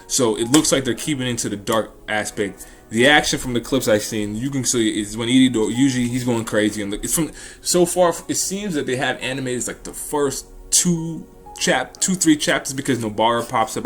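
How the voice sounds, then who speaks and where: A man's voice: mid-range voice, fairly quick, faint music behind. A man hosting a casual talk about an anime, rambling in a slangy way with lots of restarts and swearing. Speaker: anime commentary host.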